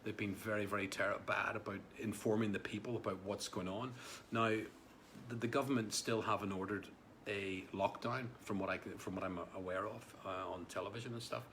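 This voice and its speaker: A man talks on a live stream, his voice sitting low as he rambles through restarts and asides. He addresses viewers by name and reacts to their comments in a loose, conversational way, with a faint hum of ambience behind him. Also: steady tone, brisk, a bit bright. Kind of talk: casual live-stream chat.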